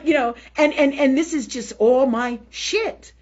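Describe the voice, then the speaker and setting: A woman hosts a live spiritual health show, talking candidly and bluntly with lots of profanity, laughing often, and slipping into repetitive healing prayers. Her voice is high, unhurried, and a little mellow, and the recording sounds muffled.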